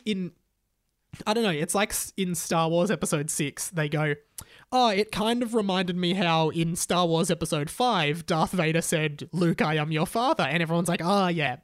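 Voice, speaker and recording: A man's voice: high voice, no room sound, studio quality. Young man mock-reading his old story. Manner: mocking, breaks into laughter often. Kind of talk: casual comic reading with commentary.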